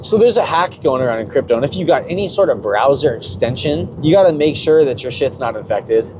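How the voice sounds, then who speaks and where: A man's voice: medium pitch, animated, a little fast. A young man ranting unscripted about crypto as a YouTuber, rambling, profane and confessional, with vehicle noise behind him. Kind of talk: unscripted rant.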